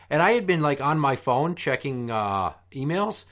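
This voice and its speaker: A man hosting a podcast spins a rambling anecdote, swearing freely and building the story with lively bursts. His voice sits at an ordinary pitch for a man and carries an easy, chatty rhythm. He talks like a friend recounting a bad day. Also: moderate pace, few pauses. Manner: profane, animated storyteller. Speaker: podcast host. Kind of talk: casual storytelling chat.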